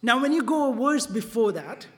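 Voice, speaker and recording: A preacher giving a sermon in a church, repeating key phrases and often checking in with the congregation with a quick "right?" or "okay?". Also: medium pitch, animated, a bit bright. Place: church sanctuary. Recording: long reverb of a large hall.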